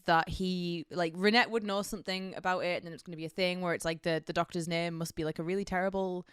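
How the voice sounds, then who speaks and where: A woman's voice: fairly low pitch, fairly even intonation, quick pace, clear, resonant tone, no echo, clean studio sound. A woman co-hosting a podcast in a casual, rambling chat, laughing often. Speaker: podcast co-host.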